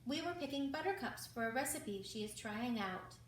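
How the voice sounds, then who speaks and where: Squeaky girl mouse voiced by a woman, small and shy, excited, storybook reading, high voice, distant mic. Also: moderate pace, slight background noise, natural voice. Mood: eager. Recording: roomy, from far off.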